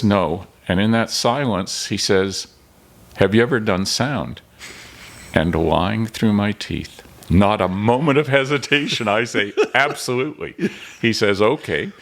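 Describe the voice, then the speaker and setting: An older man from Canada, a filmmaker and podcast guest, telling stories animatedly and acting out the dialogue. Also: fairly low pitch. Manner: animated storyteller, acts out dialogue. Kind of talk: storytelling in casual interview.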